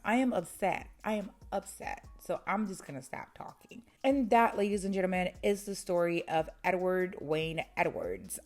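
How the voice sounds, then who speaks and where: A woman's voice: mid-range voice, a little mellow. Indignant young woman telling a true crime story. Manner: indignant, exclaiming commentary. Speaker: true crime channel host.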